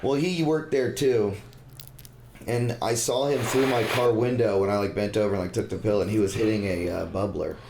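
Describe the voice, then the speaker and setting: A man's voice: fairly low pitch, steady tone, normal speed, darkish tone. A man in his twenties, a comedian guest telling a rambling story in casual chat, laughing often and swearing a lot. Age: 20s. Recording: echoey room with faint noise.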